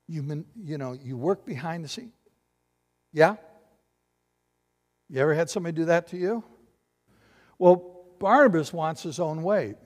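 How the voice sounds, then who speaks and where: Male pastor, higher voice, animated preaching style in a reverberant hall. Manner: animated, acts out voices and asks the congregation questions. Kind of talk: sermon.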